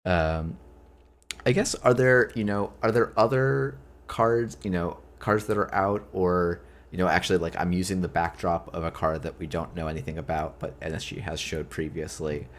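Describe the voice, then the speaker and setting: A man's voice: low voice, steady tone, normal speed. A man hosting a casual livestream chat, rambling and jokey, often restarting his sentences. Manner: rambling, self-correcting, jokey. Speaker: host.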